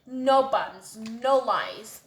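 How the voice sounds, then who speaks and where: A woman's voice: fairly high pitch, animated, extremely slow, slight background noise. A woman voicing a bragging schoolgirl who lies and makes excuses, in a gushing way. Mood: evasive. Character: bragging lying schoolgirl, gushy and evasive. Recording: roomy echo.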